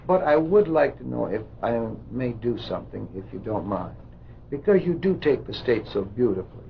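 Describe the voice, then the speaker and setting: A man instructing doctors in a live hypnosis demonstration, giving slow soothing suggestions and lecturing with indignation. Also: mid-range voice, very animated, gravelly. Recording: muffled old recording with loud hiss.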